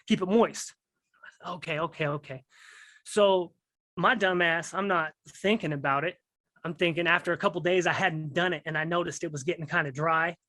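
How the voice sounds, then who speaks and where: His voice is a little high and pushed, bright and brisk, with fairly even intonation on a dry recording. He's a guest recounting prison life in a rambling, street-slang style, constantly asking "you know what I mean."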